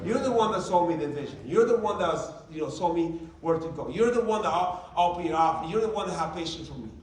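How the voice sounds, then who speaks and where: A man's voice: fairly high pitch, quick pace. A man giving a motivational talk to a group, telling stories and acting out the dialogue. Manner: animated, acts out quoted dialogue. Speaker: motivational speaker. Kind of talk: storytelling presentation. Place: large meeting room. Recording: echoey hall, distant mic.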